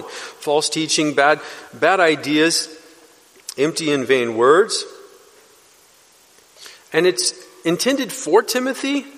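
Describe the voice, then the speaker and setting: Man, pastor, expository sermon, earnest teaching tone, fairly high voice, long church-hall reverb. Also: a bit bright. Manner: earnest teaching, rising for emphasis.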